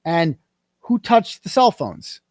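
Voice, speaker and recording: A man, a guest in an interview, telling a story in a casual, animated way and acting out the quoted dialogue. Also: a little high, takes it slowly, dry recording, studio quality.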